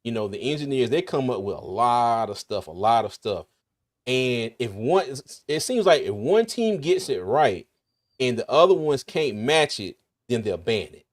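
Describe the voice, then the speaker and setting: A man's voice: medium pitch, lively intonation, normal speed. A man with a slight lisp hosting a casual sports talk livestream, rambling and laughing often. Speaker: podcast host.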